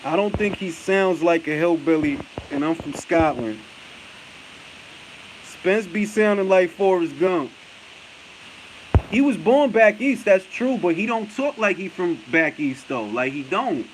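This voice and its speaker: A male boxing talk show host ranting in casual chat, animated and profane, hammering his points with repetition. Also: sits high, unhurried, a little hiss or hum, low-quality recording. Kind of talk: casual chat, heated rant.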